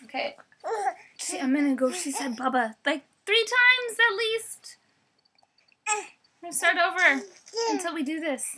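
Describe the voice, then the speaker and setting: A woman's voice: very high voice, sing-song, unhurried, pauses often, pushed and bright. A young woman in a home video, coaxing her baby in sing-song baby talk. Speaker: mother filming her baby.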